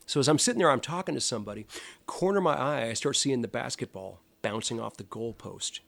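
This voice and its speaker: Gravelly-voiced man telling animated stories. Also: medium pitch, quick pace, dry recording, clean studio sound. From Los Angeles. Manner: animated storyteller, acts out quoted voices. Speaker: guest musician. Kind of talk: casual storytelling interview.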